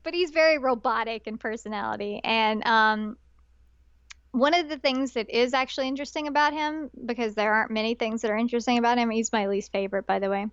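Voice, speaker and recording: A woman co-hosting a podcast, chatting casually and retelling a story with lots of animated quoted lines. Her voice sits a little high for a woman. The sound is dry and close, with a dull, lo-fi tone. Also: fast, smooth, dry recording. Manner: animated storytelling, often quoting characters. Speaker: podcast co-host.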